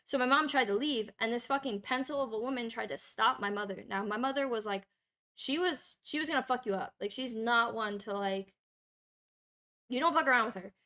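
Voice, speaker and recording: A young woman streamer with a somewhat high voice talks casually while she plays. Her storytelling is loose and animated, packed with swearing and filler. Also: brisk.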